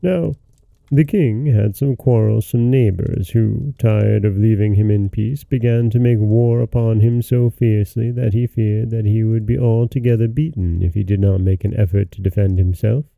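A man hosting and narrating a fairy tale as a read-aloud, measured and steady, with casual asides. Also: on the low side, vocal fry, no room sound. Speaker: host and storyteller.

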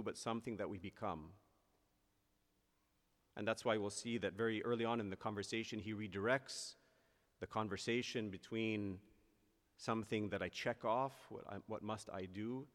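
A male priest delivers a sermon in a low voice. He builds earnestly to emphatic high points and then slows down deliberately on the phrases that matter. His words hang in the long reverb of a church.

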